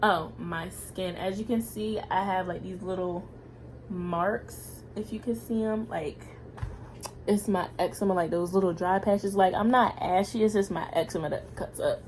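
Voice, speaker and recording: A woman's voice: medium pitch, steady tone, unhurried, darkish tone, a little hiss or hum. A young woman talking casually in a home vlog, filling her speech with "like" and "y'all". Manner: chatty, frequent "like" and "y'all" fillers. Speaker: vlogger.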